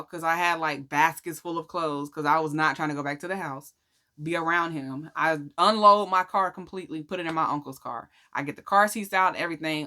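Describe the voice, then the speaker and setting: A woman's voice: deep voice, bright, forceful tone. A woman casually telling her personal faith testimony in a chatty, slangy way, acting out what people said. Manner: chatty, slangy, acts out quotes. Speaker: vlogger sharing a faith testimony. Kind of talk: casual storytelling.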